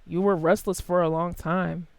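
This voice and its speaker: A tarot reader giving a casual, blunt and heavily profane reading to camera, swinging between quiet asides and loud outbursts. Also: flat delivery, moderate pace, gravelly, dry recording. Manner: big jumps in pitch and loudness.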